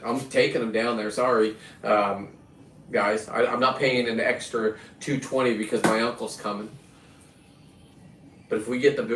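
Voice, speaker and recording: A middle-aged man hosting his own videos rambles through a profane, boastful story in a casual monologue. His mid-range voice is a bit bright, and the echoey, distant recording has faint ambience plus a little hiss or hum.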